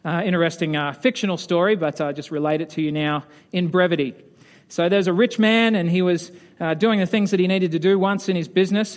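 A man preaching, telling a story in a relaxed, hesitant way with many fillers. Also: sits high. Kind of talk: sermon storytelling.

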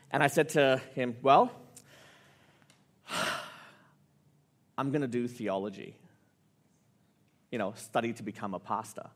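A man preaching a sermon, telling a personal story with lively, animated delivery that rises with excitement. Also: medium pitch. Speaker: pastor.

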